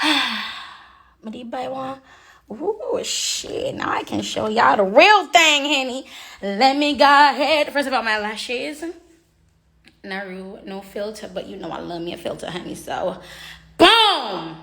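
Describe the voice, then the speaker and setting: A woman's voice: on the high side, animated, slow, vocal fry, bright, forceful tone, echoey room. A woman with a Jamaican accent chatting casually on a livestream, sassy and talkative, calling her viewers honey and baby. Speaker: makeup artist and livestream host. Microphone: phone on a makeshift tripod.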